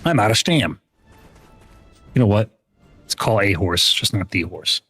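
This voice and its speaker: A man's voice: fairly low pitch, big pitch swings, normal speed, pauses often, a bit bright, faint music behind. A young man chatting casually with viewers while livestreaming a game, rambling with lots of restarts and easy laughs. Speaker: gaming livestreamer. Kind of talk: casual chat while gaming.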